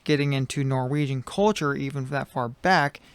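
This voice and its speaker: A man's voice: medium pitch, normal speed, clean tone, dry recording. A man co-hosting a podcast in casual chat, loose and jokey with frequent ums. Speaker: podcast co-host.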